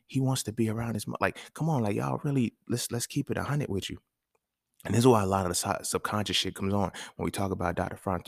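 A podcast host delivers a casual, emphatic monologue packed with slang and swearing, often asking his listeners questions. His voice is low and gravelly, and the studio sound is clean with no echo.

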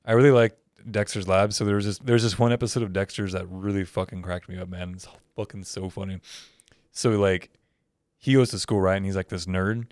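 A man's voice: low voice, fairly even intonation, brisk, darkish tone, no echo, studio quality. A young man in casual chat, telling stories loosely and crudely and slipping into goofy character voices. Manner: profane storyteller doing goofy character voices.

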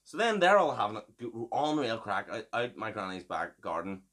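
A man's voice: on the low side, very animated, fairly quick, a bit bright. A man, hosting a podcast and telling a story in a casual, swearing, laughing way. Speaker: podcast host.

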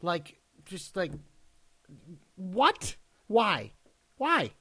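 A podcast co-host talks about wrestling in a lively voice that rises and falls a lot. The speech is casual, and the questions come out exasperated and incredulous. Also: medium pitch, very slow, slightly rough. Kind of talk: casual chat.

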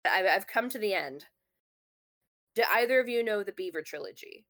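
A woman's voice: medium pitch, animated, normal speed, a bit bright. A woman in casual conversation, telling a long story with many fillers and restarts. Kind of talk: casual chat.

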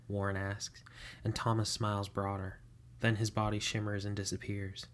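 Low, flat-voiced male storyteller. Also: normal speed. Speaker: narrator. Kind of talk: storytelling narration.

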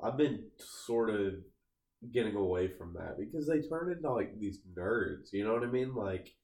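A man's voice: fairly low pitch, animated, moderate pace, darkish tone. A man co-hosting a podcast in casual chat, telling rambling stories packed with filler words. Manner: rambling, filler-heavy storytelling with frequent laughs. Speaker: podcast co-host. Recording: echoey room.

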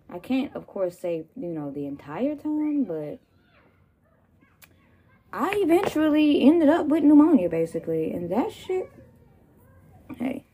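A woman's voice: on the high side, mellow, slightly rough. A woman hosting her own podcast, ranting casually and profanely with laughing asides, recovering from pneumonia. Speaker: podcast host. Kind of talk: casual solo rant.

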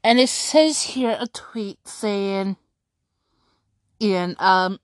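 A woman rambles through an excitable vlog commentary, breaking into laughter and restarting her sentences as she goes. She talks at an unhurried, drawn-out pace. The recording is dry and close, with no room sound. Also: medium pitch, no room sound. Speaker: streaming commentator.

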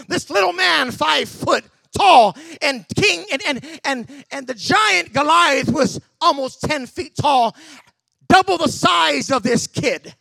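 A male pastor preaching a sermon in an emphatic style, with shouted bursts and many repeated words. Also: very high-pitched, expressive, measured pace, vocal fry, no echo.

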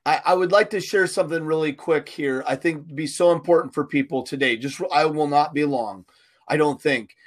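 A man's voice: fairly high pitch, a little fast. A middle-aged man, a pastor co-hosting a podcast, talking casually and earnestly, with many fillers and restarts. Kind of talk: casual podcast Bible discussion.

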